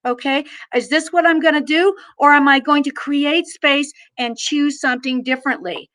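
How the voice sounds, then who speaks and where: A middle-aged woman teaching a mindfulness lesson, gently guiding listeners through gestures and slow breaths. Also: high-pitched, fairly even intonation. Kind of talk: guided mindfulness lesson for children.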